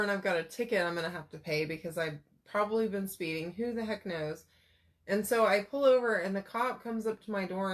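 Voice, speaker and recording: A woman in her thirties chatting casually while crafting, telling rambling personal stories with lots of fillers. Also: mid-range voice. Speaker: crafter vlogger.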